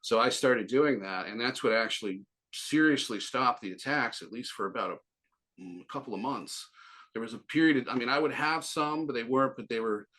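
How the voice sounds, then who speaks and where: Brisk and sharp in tone, this man speaks at medium pitch while recounting a long personal story as an interview guest. He meanders, restarts frequently, and quotes conversations back and forth in a casual way.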